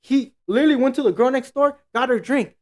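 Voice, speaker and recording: A man's voice: very high-pitched, fast talker, darkish tone. A man co-hosting a podcast, telling a story in casual, profane slang and acting out what everyone said. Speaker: podcast co-host.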